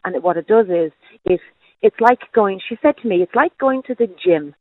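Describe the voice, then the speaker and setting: A woman's voice: medium pitch, lively intonation, brisk, no echo. A woman in her late forties calling into a radio show, telling a long rambling story full of asides. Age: 40s. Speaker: caller. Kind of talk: phone-in call. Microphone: phone. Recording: tinny phone line.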